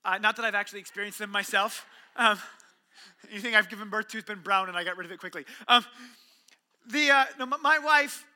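A pastor with a very high voice delivers a sermon in an animated, storytelling manner, talking quickly. He performs small dialogues, leaping from whispered lines to shouted ones, and his tone stays sharp and bright the whole way.

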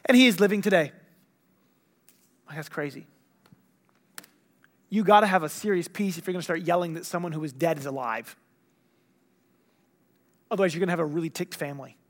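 A man's voice: fairly high pitch, a little fast, long pauses. A young man preaching a sermon, telling a story with lots of acted-out dialogue. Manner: animated storytelling, acting out dialogue.

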